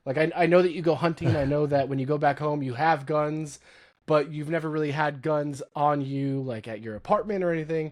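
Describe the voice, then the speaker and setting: Fairly high-voiced man, animated podcast storyteller. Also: moderate pace. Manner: animated storyteller, quotes others in lively voices. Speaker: podcast host. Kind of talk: casual chat, storytelling.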